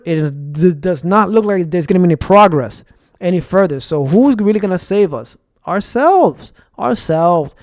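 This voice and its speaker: A man's voice: high voice, darkish tone, no room sound, clean studio sound. A young man from New York ranting in a rambling, profane, heated monologue to his viewers. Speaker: vlogger. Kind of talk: casual conspiracy rant.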